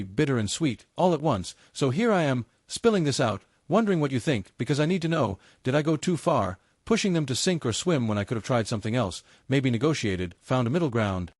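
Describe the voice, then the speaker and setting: A man narrating a first-person family drama story in an even, steady storytelling read. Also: mid-range voice, no room sound, clean studio sound.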